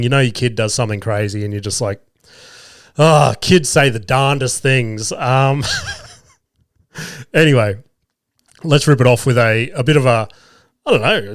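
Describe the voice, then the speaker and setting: A man's voice: mid-range voice, dry recording, clean studio sound. A young man hosting a solo podcast, rambling casually and swearing freely as he chats. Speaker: podcast host.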